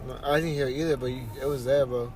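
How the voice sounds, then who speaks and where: A man's voice: mid-range voice, fairly even intonation, quick pace, far from the mic, over a noisy crowd. A young man co-hosting a podcast, bantering casually with friends and throwing in jokes. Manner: playful banter, echoing jokes, says bro. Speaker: podcast co-host. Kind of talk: casual chat.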